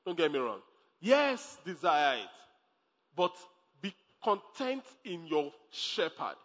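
High, bright preacher man. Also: very animated, takes it slowly. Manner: emphatic, repeats phrases, laughs often. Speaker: pastor. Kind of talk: sermon. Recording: long hall reverb.

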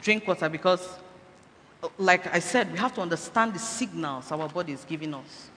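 A woman's voice: lowish voice, lively intonation, normal speed, a bit bright. A woman giving a health talk inside a sermon, urging her listeners and asking rhetorical questions. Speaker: church speaker. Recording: echoey hall, faint background noise.

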